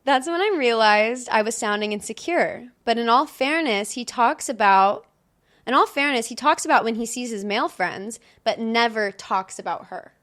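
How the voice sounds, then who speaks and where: A young woman co-hosting a casual podcast, reading stories aloud in a chatty way. Her voice sits fairly high, and she breaks into laughter often. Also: normal speed, a bit bright. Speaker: podcast co-host.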